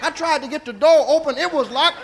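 High-voiced man telling a raunchy tale. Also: brisk, a faint crowd, a little hiss or hum. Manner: raunchy, drawling, tags lines with "see?". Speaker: storyteller. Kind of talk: profane comic storytelling.

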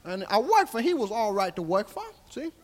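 This man's voice is high-pitched and sing-song, moving briskly, with live hall reverb around him. Performing a stand-up character, he becomes a rambling old Southern-accented country storyteller who drawls, stays folksy and coarse, and repeatedly asks "see?"

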